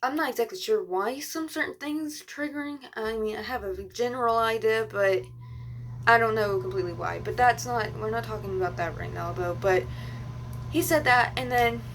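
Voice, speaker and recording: A woman's voice: fairly high pitch, normal speed, fairly bright tone, a little hiss or hum. A young woman vlogger telling a story in a casual, rambling rant, venting with fillers and restarts.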